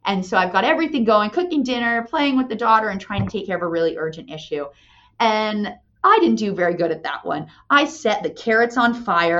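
A woman in her thirties, a company president and mother, telling a candid story and tagging her points with a quick "right?". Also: mid-range voice, animated, a bit bright. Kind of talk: motivational talk. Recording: dull lo-fi sound.

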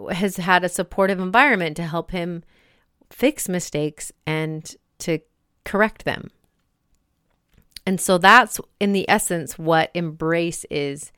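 Chatty woman podcast host with a smooth, clear voice; dry and close recording. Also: lowish voice, fairly bright tone, dry recording. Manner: chatty, conversational, many fillers. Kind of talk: casual book discussion.

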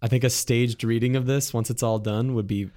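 A man's voice: medium pitch, steady tone, fairly quick, mellow. A man co-hosting a comedy podcast, reading a parody romance aloud and chatting playfully, swearing casually. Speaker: podcast co-host.

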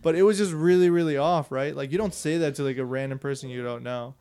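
A man's voice: on the high side, fast, mellow, smooth. A young man telling a story on a podcast in a loose, profane way, laughing often. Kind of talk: casual storytelling chat.

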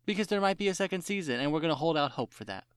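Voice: mid-range voice, very fast, smooth, dry recording, clean studio sound. A podcast co-host in casual chat, ranting with lots of swearing and mock-quoting characters in exaggerated voices. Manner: animated ranting with profanity and mock quotes.

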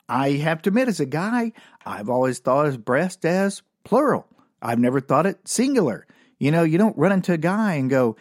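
A man's voice: on the high side, sing-song, normal speed, dry recording, studio quality. A man telling rambling, profane, self-mocking comic stories live as a podcast host.

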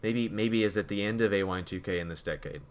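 A man's voice: on the low side, fast talker. A man co-hosting a podcast in casual chat, rambling and repeating words as he thinks. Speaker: podcast co-host.

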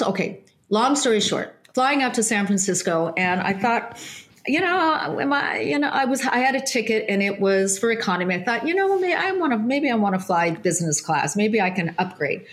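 A woman telling a casual anecdote in an animated way, restarting sentences often and acting out other people's voices. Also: mid-range voice.

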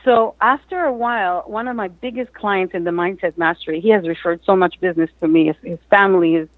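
A woman, a mindset coach and author, telling her story as an interview guest, lively and acting out quotes with frequent restarts. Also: lowish voice, a little fast, dry recording, rough recording.

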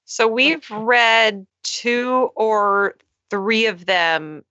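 A woman's voice: on the high side, steady tone, drawn-out words, bright, forceful tone, no room sound. A woman co-hosting a podcast in casual chat, wry and frank with her opinions. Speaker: podcast co-host. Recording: dull lo-fi sound.

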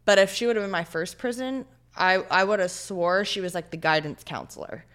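A woman in her twenties, a podcast guest, tells an earnest, heartfelt story in a casual interview, leaning heavily on "like" and "you know." Her medium-pitched voice is clear, resonant and a bit bright, and she speaks fairly quickly.

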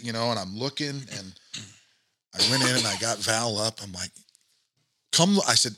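Middle-aged male guest; earnest, reflective storyteller, bright tone, slightly low. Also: moderate pace, dry recording, clean studio sound. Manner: earnest, reflective, many fillers. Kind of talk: personal storytelling in an interview.

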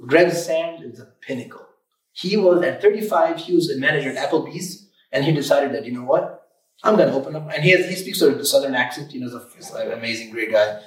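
Man, energetic casual podcast talk, emphatic, repeats himself, roomy, far from mic. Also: mid-range voice, fast talker. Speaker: auto repair shop owner. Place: room, recording a podcast.

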